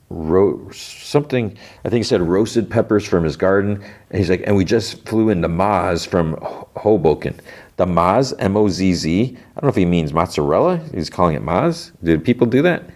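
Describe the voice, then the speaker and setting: A man's voice: deep voice, moderate pace, a little mellow. A man hosting a podcast, casually recapping a TV episode and quoting the characters loosely. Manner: retells scenes loosely, quoting lines with "he's like". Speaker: podcast host.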